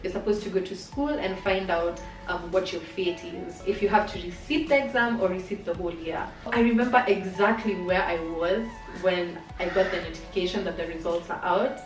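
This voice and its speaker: A woman's voice: on the low side, normal speed, few pauses, far from the mic. A young adult woman telling a personal story to camera in a candid, chatty way, with many fillers. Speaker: vlogger. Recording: roomy sound from off-mic, faint music.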